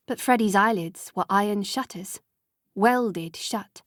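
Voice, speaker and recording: A woman narrates a novel in an unhurried, measured way. Her voice sits in a middle range and sounds close and dry, with no room echo. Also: medium pitch. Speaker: audiobook narrator. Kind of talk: scripted narration.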